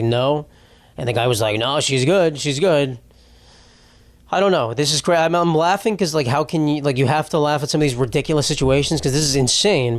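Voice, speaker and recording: A man hosting a podcast, talking in a casual, rambling comedic monologue, irreverent and laughing his way through dark news stories. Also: mid-range voice, no room sound. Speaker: podcast host.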